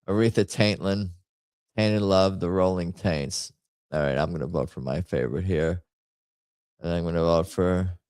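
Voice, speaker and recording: Low-voiced man joking through a party game. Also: darkish tone, clear, resonant tone, no room sound, studio quality. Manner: rambling, jokey, self-mocking commentary. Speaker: stream host playing party games. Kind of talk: casual game-stream chatter.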